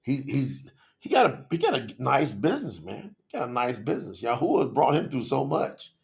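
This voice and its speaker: A man hosting a live faith-community stream, talking passionately and excitably to viewers and calling out people by name. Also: mid-range voice, normal speed, gravelly. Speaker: livestream host. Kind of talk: lively livestream talk to chat viewers.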